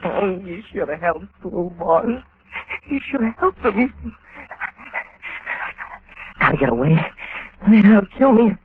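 A man's voice: high voice, lively intonation, slow pace, long pauses, full character voice. An actor playing a terrified, simple-minded man fleeing a manhunt, stammering and pleading in old-time radio drama style. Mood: frightened. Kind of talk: 1940s radio acting. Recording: dull old radio recording with hiss.

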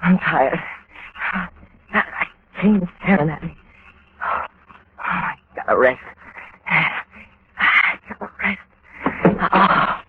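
A terrified, stammering fugitive. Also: male voice, high-pitched, animated, extremely slow, long pauses, exaggerated voice. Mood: frightened. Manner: stammering, pleading, panicky. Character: terrified simple-minded man fleeing a manhunt. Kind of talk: 1940s radio acting. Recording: dull old radio recording with hiss.

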